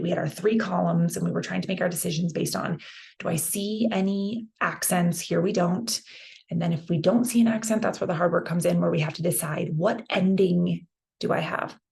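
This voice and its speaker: A woman's voice: lowish voice, gravelly, a little mellow. A young adult woman teaching a beginner Spanish lesson, chatty and encouraging, talking through each step aloud. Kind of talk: online language lesson.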